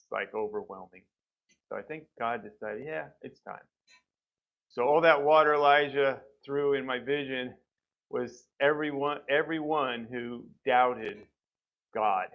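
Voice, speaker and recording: A man's voice: mid-range voice, measured pace, highs cut off. A man sharing his personal testimony from a church pulpit, telling the story conversationally and acting out what people said. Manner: conversational storytelling, acts out quoted doctors. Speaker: church member giving testimony. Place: church sanctuary.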